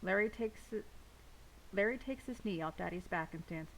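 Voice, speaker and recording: A woman reads a novel aloud in a steady first-person narrating voice. Her tone has a noticeable gravelly grain, and a faint hiss sits under the recording. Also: medium pitch, moderate pace, low-quality recording. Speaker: audiobook reader.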